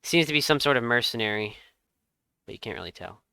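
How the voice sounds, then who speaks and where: Bright-voiced man narrating a game. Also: mid-range voice, gravelly, smooth, no echo. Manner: lively storytelling with dramatic pauses. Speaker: game master.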